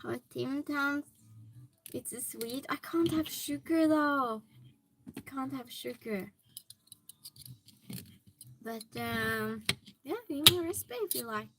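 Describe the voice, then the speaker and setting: A woman's voice: sits high, slow, pauses often, background noise. A woman hosting a hobby livestream from her home hobby room, chatting casually and greeting viewers by name as she reads their comments.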